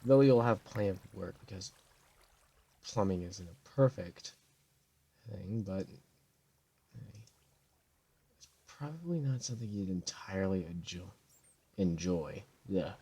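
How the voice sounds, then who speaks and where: A tired young man rambling deadpan through casual gameplay commentary, with sudden loud outbursts. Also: sits low, slow, creaky, pauses often, slightly rough.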